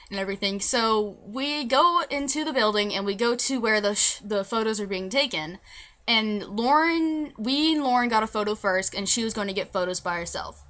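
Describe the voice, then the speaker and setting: Bright-voiced young woman rambling through a story. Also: fairly high pitch, normal speed. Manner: rambling, restarts, lots of "like". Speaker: vlogger. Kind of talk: casual storytelling vlog.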